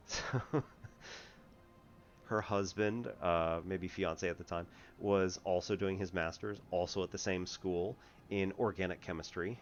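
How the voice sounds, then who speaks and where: A man's voice: sits low, slow pace, pauses often, lo-fi sound, a little hiss or hum. A man tutoring math in a casual, rambling way, laughing often and restarting his sentences. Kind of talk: casual lesson chat.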